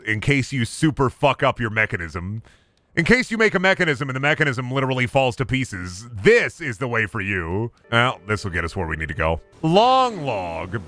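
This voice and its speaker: A young adult man streaming a game, joking and swearing, with sudden loud bursts. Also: fairly low pitch. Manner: lively, swearing, jokey, shouts in bursts. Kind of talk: gameplay commentary.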